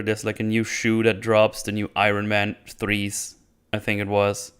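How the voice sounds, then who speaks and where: A man with a low-pitched voice talks through an episode recap in a casual, sarcastic way. His tone is smooth and clear, he curses freely, and he often restarts his sentences. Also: completely flat delivery, unhurried, a bit bright. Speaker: YouTube show host.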